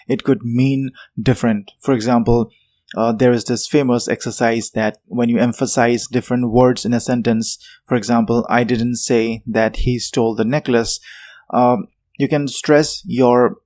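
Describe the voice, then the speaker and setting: A man's voice: mid-range voice, darkish tone, no echo. Man explaining AI models, dry close sound. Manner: unscripted, many fillers and self-corrections. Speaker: tech tutorial presenter. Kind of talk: explanatory tutorial talk.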